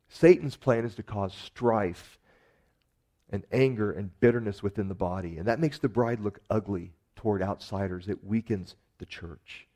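Earnest preaching man with a mellow voice. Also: fairly low pitch. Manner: earnest preaching with emphatic rises and soft drops. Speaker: pastor. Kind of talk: sermon.

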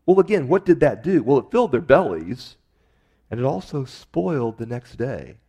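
A man's voice: medium pitch, sing-song, moderate pace, dark tone, slightly rough, muffled recording. A man preaching a sermon in a conversational way, with emphatic rises on key phrases. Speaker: pastor.

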